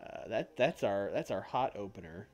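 Brief: rambling, jokey male streamer, very lively pitch, soft music behind. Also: normal speed. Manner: joking, rambling, laughs often. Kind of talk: casual chat while playing a wrestling booking game. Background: soft background music.

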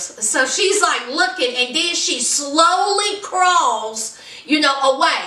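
A woman casually recapping a TV episode in a vlog, telling it as a lively story and acting out the scenes. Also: high-pitched, unhurried. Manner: animated storyteller, acts out the scenes. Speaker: TV episode reviewer. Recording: roomy echo, mic at a distance.

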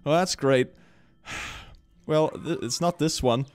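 A man streaming a video game, chatting and thinking aloud as he plays and often breaking into high laughter. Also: slow, no room sound. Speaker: gaming streamer. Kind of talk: live game commentary.

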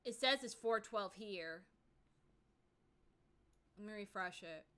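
A woman's voice: mid-range voice, slow, pushed and bright, clean tone. A woman streaming to her chat, ranting angrily in casual talk full of fillers.

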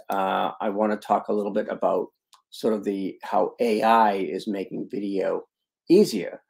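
A man with a slightly low voice leads a live online training webinar. He talks through an on-screen demo in an upbeat way, leans hard on key words and chats with attendees as he goes. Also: vocal fry, a little mellow. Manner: chatty, with asides to attendees. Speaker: online video marketing trainer.

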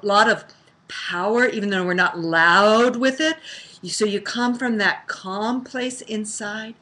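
A middle-aged woman teaching yoga in a casual live stream, chatty and full of restarts, slowing into soft, calm affirmations. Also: medium pitch.

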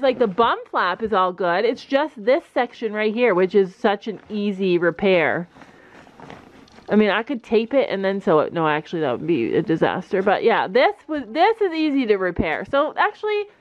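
Middle-aged mom vlogger, chatty and a bit bossy, higher voice, dull lo-fi camera sound. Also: female voice. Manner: chatty, thinks aloud, bossy bursts when laying down rules. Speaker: family vlogger. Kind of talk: casual vlog chat. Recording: dull lo-fi camera audio with faint noise.

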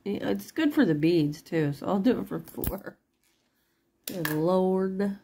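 A middle-aged woman chats her way through a jewelry sale in an unhurried, low voice. Her tone is mellow and soft-edged, and she laughs often as she rambles. A faint hiss sits under the recording. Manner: chatty and rambling, laughs often, swears then apologizes. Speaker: online jewelry seller. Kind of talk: casual live-sale chat.

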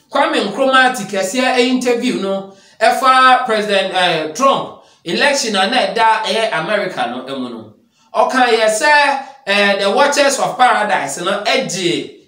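A man's voice: very high voice, bright, forceful tone, roomy sound. A man with a Ghanaian accent preaching an emphatic sermon, mixing Twi and English in a declamatory manner.

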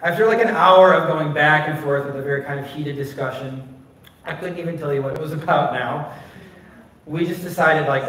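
A man pastor with a fairly high voice tells personal stories from the pulpit in a candid, conversational way, leaning on casual filler words. He sounds far from the phone that records him, and the big sanctuary rings with heavy echo. A faint hiss of noise sits under the sound. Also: fairly even intonation, moderate pace, fairly bright tone. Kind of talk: personal storytelling sermon. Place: church sanctuary. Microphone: phone recording from a distance. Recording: distant, very echoey phone stream of a church.

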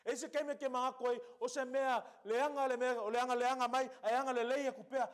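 Man, Samoan accent, pastor, church sermon, high voice, emphatic rhetorical questions. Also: steady tone, fast.

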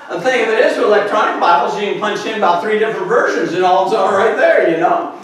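An older male pastor preaching a sermon, an animated storyteller who laughs and acts out voices. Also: high voice, quick pace, a little hiss or hum. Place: church sanctuary. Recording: echoey church recording from far off.

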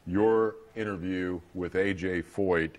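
A man hosting a TV interview, asking measured, prompting questions. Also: low voice, fairly even intonation. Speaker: host.

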